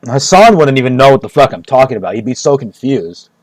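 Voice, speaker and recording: A man's voice: mid-range voice, big pitch swings, quick pace, no room sound. Guy rambling on stream, swears a lot, laughs at his own bits, dry close sound. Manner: joking, rambling, repeats himself, laughs often; profane. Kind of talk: rambling casual chat.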